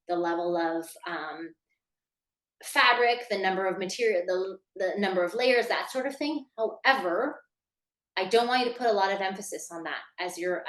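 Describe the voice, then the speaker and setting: This business workshop instructor, a woman with a mid-range voice, lectures casually and chattily. Fillers pepper her speech as she talks directly to listeners, and her voice echoes in a reverberant space.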